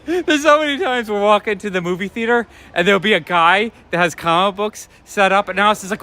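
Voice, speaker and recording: In his casual vlog, a man who owns a toy shop walks city streets and tells rambling, laugh-filled stories as he goes. He talks fairly quickly in a high, sharp-toned voice.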